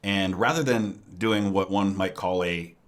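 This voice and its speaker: A man who hosts a history reaction channel, explaining in a measured way with fillers how his videos work. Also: low voice.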